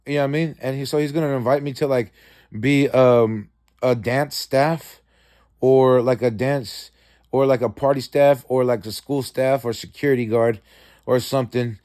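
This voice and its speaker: At a normal speed with fairly even intonation and a slightly mellow sound, a man casually describes a dream. The telling is rambling and profane, loaded with fillers and restarts, and he voices quotes with sudden pitch shifts.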